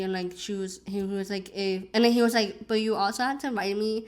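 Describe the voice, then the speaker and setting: A woman's voice: mid-range voice, steady tone, brisk, hardly any pauses. Young woman vlogger, casual storyteller, rambling and unpolished. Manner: rambling, many "like"s and restarts. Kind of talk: casual storytelling while eating.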